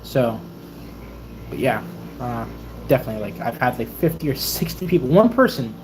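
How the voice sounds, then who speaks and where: A young man in his twenties, a Navy sailor and YouTuber, casually telling stories in a livestream Q&A and acting out other people's excited voices. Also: mid-range voice, moderate pace, a little hiss or hum. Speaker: YouTuber and Navy sailor answering viewer questions.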